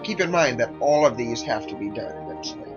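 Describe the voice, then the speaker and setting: Lively man rambling over game music. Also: mid-range voice, fairly quick, dull audio. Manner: rambling, self-correcting, explains the game. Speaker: let's play host. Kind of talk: casual gameplay commentary.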